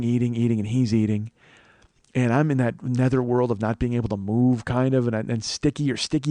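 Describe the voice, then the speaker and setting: A man from Chicago, a podcast host, telling a long comic story in a profane, animated way. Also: medium pitch, no room sound. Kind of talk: comedic storytelling monologue.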